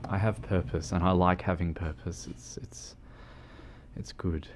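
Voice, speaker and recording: Man, very low voice, rambling game streamer, lots of ums, faint background hum. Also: little pitch movement, a little slow. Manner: rambling, hesitant, full of ums. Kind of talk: casual livestream chat while gaming.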